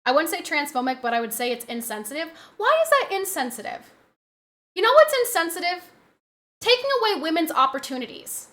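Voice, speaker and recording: A woman's voice: extremely high pitch, sing-song, brisk, fairly bright tone. A young adult woman streamer in casual live-stream chat, ranting heatedly and swearing a lot.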